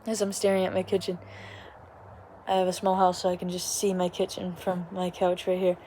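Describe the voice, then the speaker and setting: A woman's voice: lowish voice, monotone, a little fast, warm tone, a little hiss or hum. Young woman vlogger, rambling casual storyteller with many asides, recorded at home. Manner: chatty, rambling, many asides and quoted voices. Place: small home, living room.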